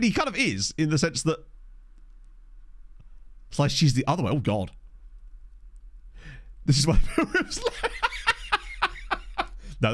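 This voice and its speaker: A man's voice: fairly high pitch, no room sound. A young man casually chatting and laughing as he streams a management game, talking into a desk mic. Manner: animated, laughs often, chatty asides. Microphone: desk condenser mic.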